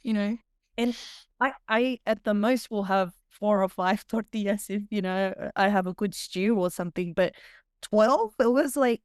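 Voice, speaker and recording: A woman's voice: medium pitch, normal speed, smooth, dry recording, clean studio sound. A middle-aged woman with an Australian accent, a podcast guest telling stories animatedly with laughs and frequent restarts. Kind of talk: podcast interview storytelling.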